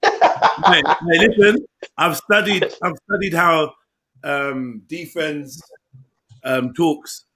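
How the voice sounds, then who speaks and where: A man talking casually in a relaxed group chat, full of slang and easy banter. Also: a little high, slow pace, long pauses, low-quality recording. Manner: laid-back slangy banter. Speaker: podcast host.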